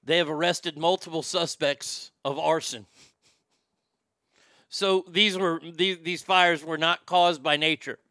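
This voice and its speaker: High bright-voiced guy ranting and swearing, crisp dry sound. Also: steady tone, slow pace, no room sound. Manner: profane, sarcastic, ranting. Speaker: podcast host. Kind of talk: casual ranting commentary.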